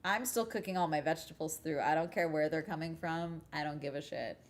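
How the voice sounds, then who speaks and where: A young woman chats on a livestream from home with a somewhat low voice. She talks bluntly and casually, swears freely and laughs easily. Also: brisk. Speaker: streamer.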